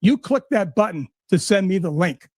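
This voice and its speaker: A middle-aged man tears into his critics in a combative, sarcastic rant, full of swearing. His voice sits high for a man, and the sound is dry and close with no room around it. He talks straight at the listener. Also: lively intonation, normal speed, darkish tone, no echo. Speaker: livestream guest. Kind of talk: profane ranting monologue.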